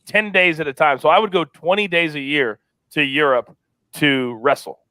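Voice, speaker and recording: A man hosting a sports betting show, loud and energetic as he wraps up and plugs the show. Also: fairly high pitch, moderate pace, no echo. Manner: loud and energetic, plugging and wrapping up. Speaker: host.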